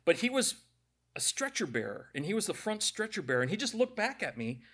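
A middle-aged male preacher with a somewhat high voice gives a conversational sermon. He tells stories, cracks jokes and talks straight to people in the pews. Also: big pitch swings, brisk, sharp tone. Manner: jokey storytelling, addresses the congregation directly.

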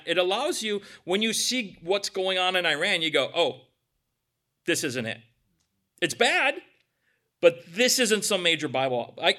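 A man's voice: sits high, bright, forceful tone. A middle-aged man preaching a sermon as pastor, conversational, with casual asides between scripture readings.

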